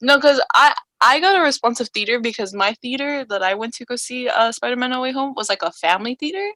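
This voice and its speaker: Chatty young woman, high voice. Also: quick pace, no room sound. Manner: animated, many "like" fillers. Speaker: podcast co-host. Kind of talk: casual chat.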